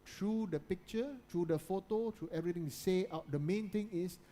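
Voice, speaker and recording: A guest speaker with a slightly high voice addresses students in a motivational talk at normal speed. He repeats phrases and keeps checking in, asking listeners to agree, and often sinks into a quiet, low voice to stress a point.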